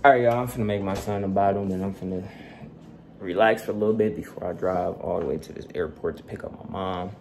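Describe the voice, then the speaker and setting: A man's voice: deep voice, fast, a little mellow, a little hiss or hum. A young man and father chatting casually to his viewers in a laid-back, slangy way from home. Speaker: vlogger and father. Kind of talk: casual vlog chat.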